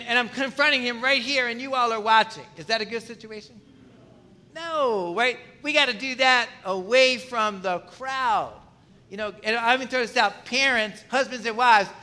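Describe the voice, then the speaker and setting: A man's voice: sits high, pushed and bright. A man preaching a sermon in a conversational way, often asking the congregation questions. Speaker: pastor.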